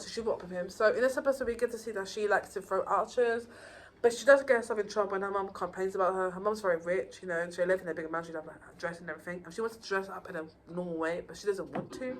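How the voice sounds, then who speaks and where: A woman casually reviewing TV episodes, rambling and excitable with many fillers and restarts. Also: medium pitch, slight background noise, rough recording. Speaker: YouTuber reviewing TV shows.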